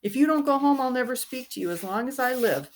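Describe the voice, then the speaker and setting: A woman voicing a bossy, quick-tempered young girl in a storybook reading. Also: mid-range voice, big pitch swings, slight background noise, lightly acted. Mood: indignant.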